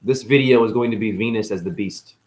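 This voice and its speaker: A man's voice: lowish voice, a little fast. Blunt, profane man ranting in pain. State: in chronic pain. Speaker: live-stream vlogger. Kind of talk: raw unscripted monologue.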